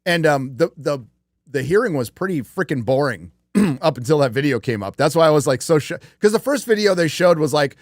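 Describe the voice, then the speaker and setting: A man's voice: a little high, very animated, a little fast, dry recording, studio quality. A man hosting a casual live-stream chat, rambling and profane, with lots of fillers and restarts. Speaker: podcast host.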